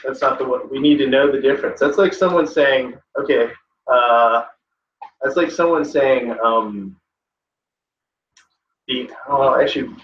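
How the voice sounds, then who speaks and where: A man's voice: medium pitch, a little slow, pauses often, fairly bright tone, slight background noise. Male test-prep tutor, chatty lecture style, roomy echo, recorded from across the room. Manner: conversational, checks in often with "okay?". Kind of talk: classroom lecture. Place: classroom. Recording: echoey classroom, distant muffled mic.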